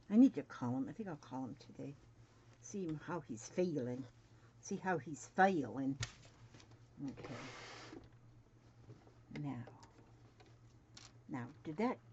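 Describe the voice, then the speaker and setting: An unhurried woman in her seventies with a low voice who chats and mutters to herself as she works through a sewing demonstration. She was recorded on a dull, lo-fi home setup with faint noise in the background. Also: expressive, warm tone. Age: 70s. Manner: chatty, mutters to herself while working. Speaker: crafting vlogger.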